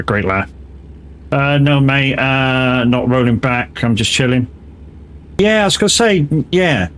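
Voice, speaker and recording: A man talking loosely to his stream audience as he drives, his voice sitting at an ordinary middle pitch. He swears freely and breaks into laughs between remarks. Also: fairly bright tone, a little hiss or hum. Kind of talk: casual live-stream chat while driving.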